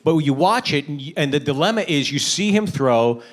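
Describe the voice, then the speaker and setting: A man's voice: fairly high pitch, animated, moderate pace. A male comedian co-hosting a podcast, telling wry jokes and acting out voices in casual chat. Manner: wry, jokey, acts out voices.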